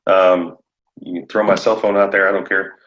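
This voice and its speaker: A man talking shop as a podcast guest, animated and laughing often as he acts out conversations. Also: sits low, normal speed. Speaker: podcast guest, roofing contractor. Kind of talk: casual podcast chat. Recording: echoey room, dull lo-fi sound.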